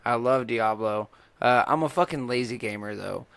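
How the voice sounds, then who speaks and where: A man's voice: medium pitch, moderate pace, gravelly, fairly bright tone, clean tone, no room sound. A man in casual podcast banter, laid-back and profane.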